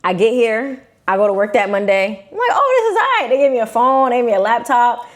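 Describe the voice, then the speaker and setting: A young woman from Brooklyn with a New York accent, telling a personal story to her viewers in a casual, animated, slangy way. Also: a little high, a little fast. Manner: animated, slangy, acts out quotes in shifting voices. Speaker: vlogger.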